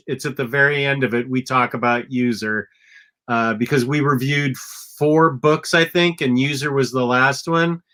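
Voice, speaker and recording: A blunt, opinionated man with a bright, sharp-edged voice at an average male pitch. He co-hosts a casual comic book talk and fills his pauses with ums. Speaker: podcast co-host.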